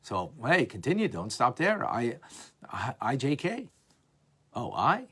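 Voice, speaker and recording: A man teaching a lively class on a religious text, asking "right?" often and acting out examples. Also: mid-range voice, a little slow, breathy edge. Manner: animated, playful, acts out examples, frequent "right?". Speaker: Torah teacher.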